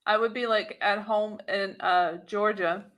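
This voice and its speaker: A woman's voice: medium pitch, steady tone, a little slow, fairly bright tone. A woman co-hosting a casual talk show, telling chatty anecdotes with bursts of laughter. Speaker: podcast co-host. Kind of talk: casual chat.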